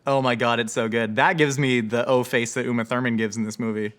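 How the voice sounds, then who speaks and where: A man hosting a comedic rant about a movie, animated and sarcastic, often jumping into high-pitched voices. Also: fairly quick. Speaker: host.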